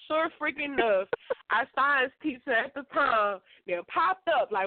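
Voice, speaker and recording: A high-voiced woman tells a story in a lively, chatty way. She laughs often and acts out the voices of the people in it. The sound is dry and tinny, as if coming down a phone line. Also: moderate pace, no room sound. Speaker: guest author. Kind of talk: casual storytelling.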